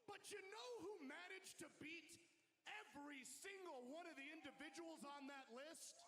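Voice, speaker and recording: A man cutting a taunting, boastful wrestling promo, shouting at times, in a large arena. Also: very high voice, normal speed, heavy background noise. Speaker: pro wrestler. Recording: long arena reverb.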